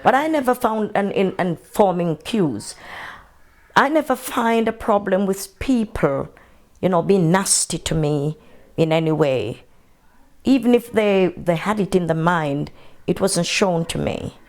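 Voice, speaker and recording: An older woman from Jamaica with a Jamaican accent, telling her memories in an unhurried, matter-of-fact way during an oral history interview. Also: fairly low pitch, animated, darkish tone.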